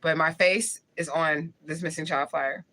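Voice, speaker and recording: Bright-voiced chatty woman in her forties. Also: low voice, steady tone, unhurried. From St. Louis, Missouri. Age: 40s. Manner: chatty, laughs often, blunt and slangy. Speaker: livestream host. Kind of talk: casual live chat reading comments.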